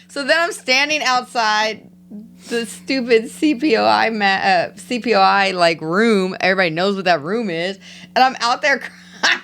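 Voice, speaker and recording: A woman's voice: mid-range voice, lively intonation, moderate pace, fairly bright tone. A woman co-hosting a relationship podcast, candid and storytelling in casual chat. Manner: candid, storytelling, laughs easily. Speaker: podcast co-host.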